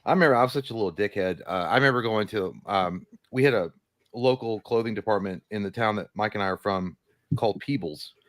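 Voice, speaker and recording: A man's voice: fairly low pitch, fast, no room sound. A man, rambling through self-mocking stories as a podcast co-host in casual chat. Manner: rambling, self-mocking storytelling with voiced impressions.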